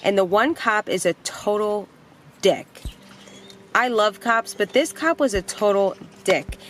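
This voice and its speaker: A woman's voice: mid-range voice, measured pace, a little hiss or hum. Blunt young woman telling a story. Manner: animated, blunt, swears freely. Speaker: vlogger. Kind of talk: casual storytime vlog.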